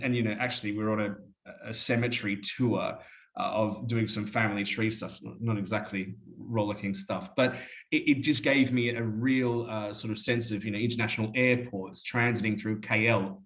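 A man's voice: on the low side, fairly bright tone. Rambling, chatty Australian man. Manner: rambling, chatty, often says "mate". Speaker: interview guest. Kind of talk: casual storytelling chat.

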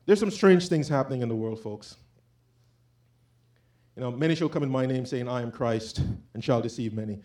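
A man's voice: medium pitch, moderate pace, pauses often, mellow. A man giving an informal, impassioned sermon, talking conversationally and quoting scripture. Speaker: preacher.

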